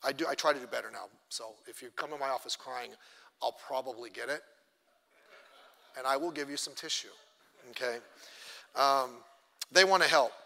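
A man's voice: medium pitch, moderate pace, gravelly, long pauses, pushed and bright. A middle-aged man, a pastor, teaching a church class in a chatty, self-deprecating way and acting out little quotes. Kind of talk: conversational sermon teaching. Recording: long church hall reverb.

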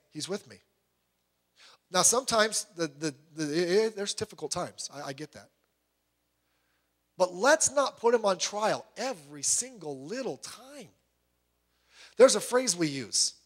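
A man preaching a sermon as a pastor, emphatic and full of rhetorical questions put straight to the listeners. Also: high-pitched.

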